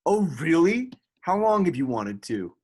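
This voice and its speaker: A woman's voice: lowish voice, sing-song, unhurried, a little mellow, husky, exaggerated voice. A woman playing a controlling, volatile young man who lashes out angrily in a stage play. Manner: angry, manipulative, swearing.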